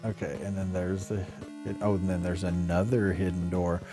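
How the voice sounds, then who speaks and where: A man with a Southern US accent co-hosting a casual gameplay chat, excitable, swearing and laughing at his mistakes. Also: sits low, normal speed, soft background music. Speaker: podcast co-host playing a video game.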